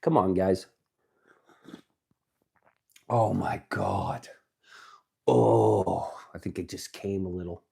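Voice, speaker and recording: A man streaming live, chatting casually with viewers, reading their messages out, excitable and swearing as he jokes around. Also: sits low, slow pace, vocal fry, pauses often, slightly rough. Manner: excitable, swearing, joking banter. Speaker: livestreamer.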